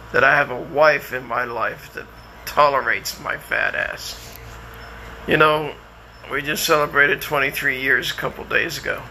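A man's voice: medium pitch, creaky, sharp tone, slight background noise, poor audio. A man talking at home in a rambling personal monologue, laughing at his own jokes. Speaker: vlogger.

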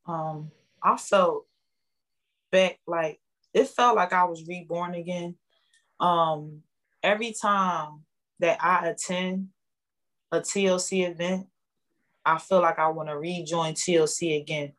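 A woman, sharing an emotional testimonial. She speaks in a heartfelt, animated way and repeats her points for emphasis. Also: fairly low pitch, takes it slowly, pauses often, rough recording. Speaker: guest, network marketing member.

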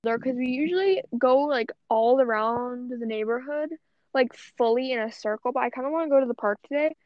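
A woman's voice: high-pitched, fairly quick, dry recording. Young woman swearing through a rambling chat. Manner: rambling, swears a lot, says "like" constantly. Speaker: podcast co-host. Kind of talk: casual chat. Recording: dull, lo-fi audio.

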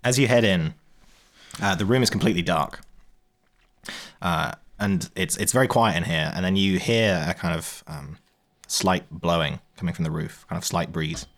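A man narrating a tabletop game as game master in a casual, halting way with many fillers. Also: deep voice, a bit bright.

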